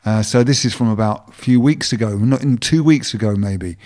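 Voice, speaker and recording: A man's voice: mid-range voice, fairly quick, darkish tone, no room sound, clean studio sound. A man with a London accent co-hosting a radio music show, chatting casually and musing with lots of fillers.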